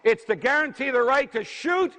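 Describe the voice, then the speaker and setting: A man's voice: very high voice, expressive, moderate pace, sharp tone. A man giving a political speech, emphatic and rhetorical, lecturing a crowd. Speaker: speaker. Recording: reverberant hall.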